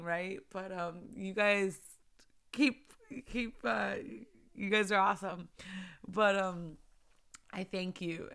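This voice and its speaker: A woman's voice: medium pitch, pushed and bright, clear, resonant tone. A young woman hosting a casual faith podcast, chatty and earnest, repeating phrases and laughing often. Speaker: podcast host.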